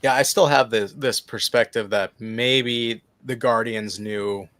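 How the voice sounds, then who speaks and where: A man co-hosting a podcast in casual chat, animated at times and acting out what others might say. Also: medium pitch, a little slow, dry recording. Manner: animated, laughs, acts out quotes. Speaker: podcast co-host.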